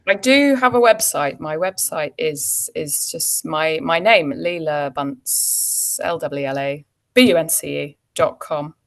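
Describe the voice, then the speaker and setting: A woman's voice: low voice, expressive, a little slow. A woman, an actor chatting as a guest and telling anecdotes with frequent ums and laughs. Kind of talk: casual interview chat.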